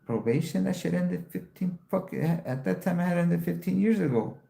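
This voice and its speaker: A man hosting a casual livestream chat, telling a profane story and jumping his voice up high whenever he quotes himself. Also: moderate pace, creaky, dark tone, echoey room. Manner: profane storytelling, voice jumps up when quoting himself. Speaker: livestream host.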